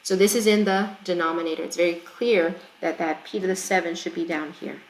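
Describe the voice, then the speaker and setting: A woman's voice: lowish voice, steady tone, brisk. A woman teacher working through a math problem in a recorded lesson, chatty and explaining step by step with frequent checks for understanding. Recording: echoey room.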